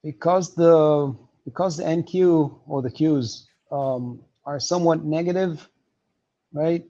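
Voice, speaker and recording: A man walking through market levels on a livestream, explaining with many pauses and fillers. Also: fairly high pitch, warm tone, muffled recording. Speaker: market analyst guest.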